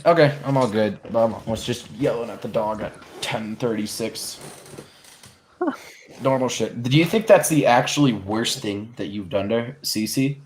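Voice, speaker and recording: A man co-hosting a casual podcast, telling stories in an animated way, swearing freely and laughing a lot. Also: mid-range voice, measured pace, slight background noise. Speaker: podcast co-host. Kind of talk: casual chat.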